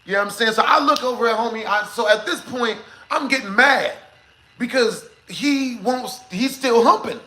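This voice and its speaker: High, bright-voiced young man telling a story. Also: moderate pace, rough recording. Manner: animated, rambling, constant filler asides; laughs while telling. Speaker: live streamer. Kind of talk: casual storytelling to a live chat.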